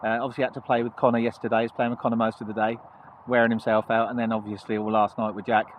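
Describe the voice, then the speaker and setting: A man's voice: mid-range voice, flat delivery, fast talker, dull audio, a little hiss or hum. A man chatting casually and jokily to camera, recorded outdoors by a canal. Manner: jokey, playful banter. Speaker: vlogger, narrowboat dweller. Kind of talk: casual chat.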